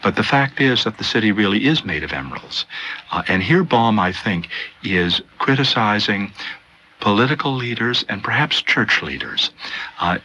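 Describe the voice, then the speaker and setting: A man's voice: lowish voice, bright, forceful tone, a little hiss or hum, rough recording. A man giving unscripted literary commentary, thoughtful and hesitant, with frequent fillers.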